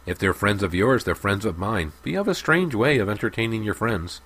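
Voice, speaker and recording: Man playing a customs guard, a bit higher, slow and drawn out. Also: animated, fairly bright tone, slightly rough, heavily acted. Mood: wary. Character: gruff adult male customs inspector.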